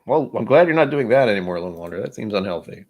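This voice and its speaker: A man with a fairly low voice hosts a relaxed livestream. He talks casually and rambles, restarting sentences and poking fun at himself. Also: quick pace, highs cut off. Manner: rambling, self-deprecating, with frequent restarts. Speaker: host of a whisky livestream.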